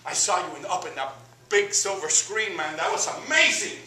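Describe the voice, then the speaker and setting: A man on stage playing an excited, bald, paunchy old friend who gushes and keeps saying "bro" and "man". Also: high voice, moderate pace, recorded from a distance. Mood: gushing. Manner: gushing, repeats "bro" and "man". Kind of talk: stage monologue. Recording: roomy stage taped from afar, noisy.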